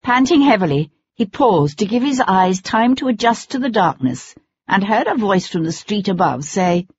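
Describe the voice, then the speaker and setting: An audiobook narrator reading a tense chase scene in steady, measured storytelling. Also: medium pitch, slight background noise. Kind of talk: scripted narration. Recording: dull lo-fi recording.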